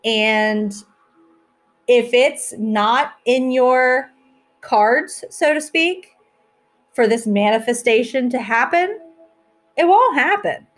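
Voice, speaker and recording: A woman's voice: on the high side, animated, slow pace, long pauses, soft background music. Chatty, rambling woman podcast host. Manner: chatty, rambling, self-mocking. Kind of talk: casual solo podcast chat.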